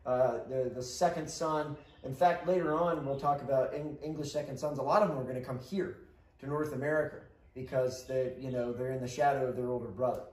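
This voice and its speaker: A man's voice: mid-range voice, fairly even intonation, fairly quick, darkish tone. A man teaching a casual co-taught history lesson, conversational and often checking in with listeners. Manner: conversational, checks in with frequent "right?". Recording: roomy sound, mic at a distance.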